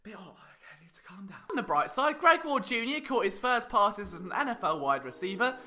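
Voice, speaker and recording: A man's voice: sits high, very animated, bright, forceful tone. A man hosting a sports vlog, ranting in sarcastic, exasperated analysis and talking to camera. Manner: sarcastic, exasperated, fast restarts when worked up. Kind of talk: animated rant-style sports analysis. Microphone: on-camera mic.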